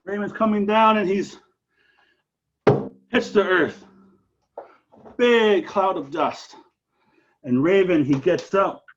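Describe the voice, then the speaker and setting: A man from Alaska telling a traditional story aloud, animated, with dramatic rises and drops. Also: high voice, slow pace, pauses often, dull audio, a little hiss or hum.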